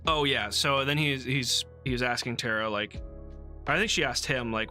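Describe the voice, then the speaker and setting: A man with a bright, forward voice talks through a book in a relaxed livestream chat, often pausing on ums and restarting his sentences. He sounds amused by what he is recapping. Soft music plays faintly behind him. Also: medium pitch. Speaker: book club host. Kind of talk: casual book discussion on a livestream.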